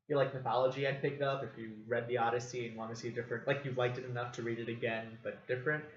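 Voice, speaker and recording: A man's voice: mid-range voice, flat delivery, racing. A man talking casually about a comic book as the show's reviewer, rambling along with many ums, likes and self-corrections. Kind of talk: casual solo review talk. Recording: roomy, dull lo-fi recording with faint noise.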